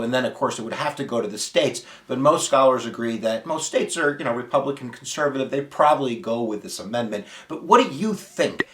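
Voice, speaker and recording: A man hosting an energetic video lecture on history, talking straight to his viewers in an animated way. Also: mid-range voice, roomy sound. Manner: animated, addresses viewers directly. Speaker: history teacher and channel host.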